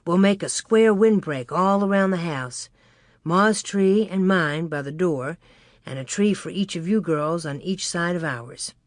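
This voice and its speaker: A woman reads a calm, low-voiced pioneer dad in a storybook, slow and firm. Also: dry recording, clean studio sound, natural voice. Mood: reassuring. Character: steady pioneer father, grown man, calm.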